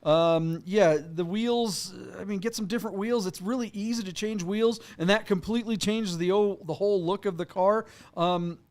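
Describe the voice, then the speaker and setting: A man's voice: sits high, normal speed, few pauses, darkish tone. A man co-hosting a casual car auction podcast, rambling and correcting himself with lots of fillers. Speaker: podcast co-host.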